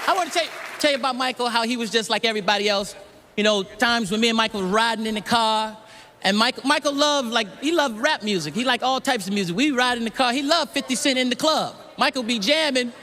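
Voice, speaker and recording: Very high male comic, playful storyteller, loud crowd in the background. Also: fast. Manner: animated, playful, lively impressions. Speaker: comedian. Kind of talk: stand-up storytelling. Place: stage before a live audience. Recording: live audience noise.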